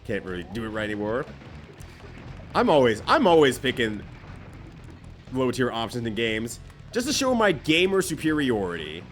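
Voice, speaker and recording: A man's voice: medium pitch, huge pitch swings, normal speed, long pauses, soft background music. A man streaming a game live, giving loose, joking commentary that swears casually and rambles between bits.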